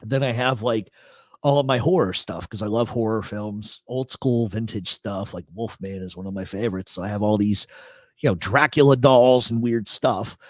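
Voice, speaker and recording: A man's voice: fairly low pitch, moderate pace, dry recording. A middle-aged man hosting a casual livestream from his apartment, reading chat comments and telling rambling, joking, profane stories. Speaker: host. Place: apartment in a big city.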